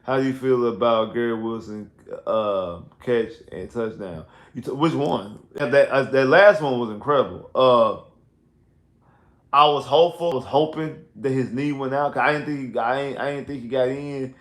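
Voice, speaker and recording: A man's voice: medium pitch, moderate pace, reverberant. A man hosting a casual postgame sports livestream, talking in an emphatic, repetitive way that grows heated and exasperated. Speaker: sports talk livestream host. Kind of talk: casual postgame football rant. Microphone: headphones and home streaming setup.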